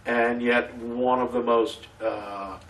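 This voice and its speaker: A man recalling his stage roles in a relaxed interview, lively in pitch, talking in bursts and starting over mid-sentence. He sounds a little distant from the mic. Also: slow. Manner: animated storytelling, many restarts. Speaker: community theater actor, interview guest. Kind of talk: casual interview.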